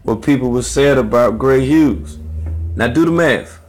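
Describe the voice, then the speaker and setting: Mid-pitched male host, laughing and slangy while he reacts to clips. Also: a little slow, darkish tone. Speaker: radio show host. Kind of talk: casual commentary over clips.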